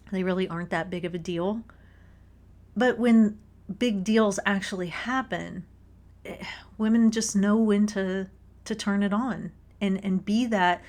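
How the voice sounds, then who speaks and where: Female host, casual book-discussion delivery, expressive and anecdotal, laughs as she talks, mid-range pitch. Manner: expressive, storytelling, laughs while talking. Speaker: podcast host reading a book. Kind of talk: casual spoken book commentary.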